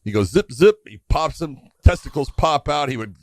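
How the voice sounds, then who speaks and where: A middle-aged podcast co-host tells a long story in a casual, animated way, acting out the voices of the people in it. His voice is medium-pitched and fairly quick, with no echo.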